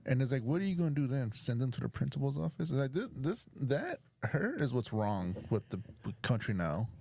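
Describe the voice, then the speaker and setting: A man talks through a reaction video in casual, opinionated commentary. His voice is mellow and dark-toned, and he sounds blunt and dismissive, circling back over the same points. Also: mid-range voice, very animated, a little fast, vocal fry. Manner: blunt, repeats himself, dismissive.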